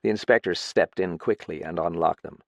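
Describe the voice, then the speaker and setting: Gravelly, low-voiced male audiobook narrator. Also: no room sound. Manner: measured storytelling. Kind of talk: scripted narration.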